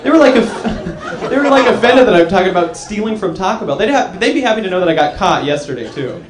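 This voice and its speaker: A young man with a high-pitched, lively voice does a rambling stand-up set at a quick pace on a comedy club stage. His loose delivery is full of "like" and "you know," captured in an echoey live room with a crowd.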